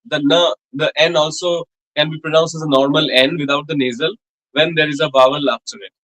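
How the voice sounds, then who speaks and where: A man with a fairly high voice lectures to a college class, circling back over each example with lots of fillers and restarts. He slows right down to spell out and repeat the words he is teaching. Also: steady tone, sharp tone, rough recording. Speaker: French teacher.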